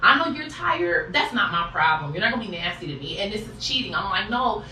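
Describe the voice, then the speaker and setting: A woman poll challenger telling a story in an animated way and acting out what others said, recorded in an echoey room from a distance. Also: medium pitch, a little fast, a little hiss or hum. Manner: exasperated, acts out quoted voices.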